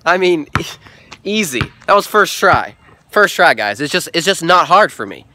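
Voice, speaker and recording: A man's voice: a little high, very animated, normal speed, sharp tone, heavily acted. A man putting on a boastful young male trick-shot video star, bragging about how easy it all is. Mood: smug.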